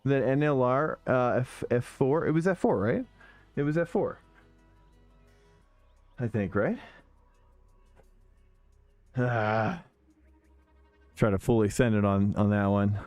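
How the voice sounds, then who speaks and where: Talking slowly with long pauses, this man's mid-range voice comes through a dry recording as he drives in a sim racing stream. Faint music plays while he chats casually and excitedly with viewers, often starting over and fixing what he's said.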